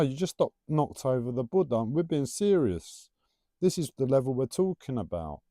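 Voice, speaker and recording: Animated man musing playfully. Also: mid-range voice, normal speed, dry recording, studio quality. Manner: playful, rambling, teasing. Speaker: livestreamer. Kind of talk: casual spiritual musing monologue.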